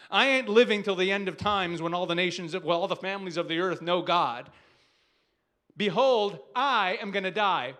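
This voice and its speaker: A man acting out a blunt, worldly young man who talks in loud, slangy, exasperated bursts. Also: sits high.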